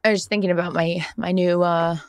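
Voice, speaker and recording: A woman's voice: on the low side, quick pace, a little hiss or hum. A woman co-hosting a casual podcast, telling stories with lots of acted-out quotes and the occasional swear word. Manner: animated storyteller acting out quotes. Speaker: podcast co-host. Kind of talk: casual chat, storytelling.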